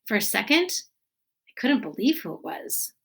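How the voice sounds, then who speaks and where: A woman teacher reading a children's novel aloud with expressive storytelling. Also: on the high side, normal speed, vocal fry, breathy edge.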